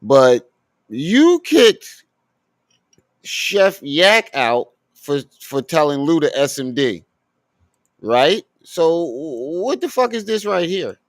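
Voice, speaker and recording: A man mocks the clips he plays in a slow, sarcastic drawl. His pitch jumps all over the place. The sound is close and dry. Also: very animated, no room sound. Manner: mocking, laughing, crude. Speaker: commentary streamer reacting to clips. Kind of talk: profane reaction commentary.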